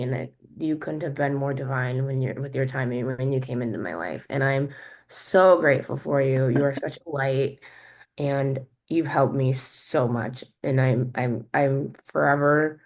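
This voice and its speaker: A woman's voice: low voice, vocal fry, darkish tone. A woman speaking as a coaching client, giving a casual, heartfelt testimonial that rambles, with many restarts and fillers.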